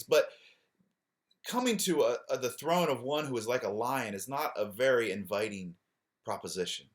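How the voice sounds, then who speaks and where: A male pastor giving an earnest sermon, often repeating words and dropping soft and low on key phrases.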